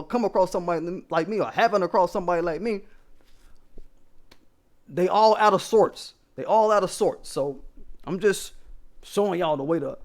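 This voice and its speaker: High-voiced man telling a blunt story. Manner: emphatic, profane, keeps checking in with listeners. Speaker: vlogger. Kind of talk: casual storytelling monologue to viewers.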